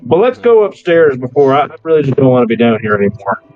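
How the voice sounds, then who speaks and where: A man's voice: mid-range voice, sing-song, fast talker, narrow, tinny audio, faint music behind, close to an everyday voice. A man voicing a claustrophobic, foul-mouthed rock-type trainer who is flustered and swears a lot. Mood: rattled.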